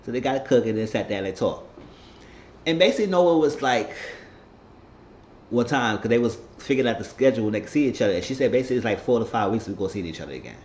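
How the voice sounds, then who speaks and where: A man's voice: medium pitch, animated, fast, darkish tone, a little hiss or hum. A man casually recapping a TV episode, rambling with loose slang and some profanity. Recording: roomy, slightly muffled home recording.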